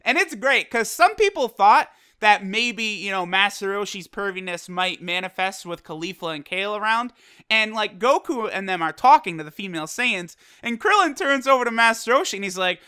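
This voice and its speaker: A man giving an excited, casual, profane review of an anime episode, retelling scenes as a fan. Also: sits high, moderate pace, clear, resonant tone.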